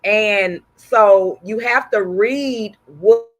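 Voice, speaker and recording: A woman's voice: medium pitch, very slow. A woman with a Texas accent and a sore throat, hosting a casual embroidery livestream and chatting with viewers by name.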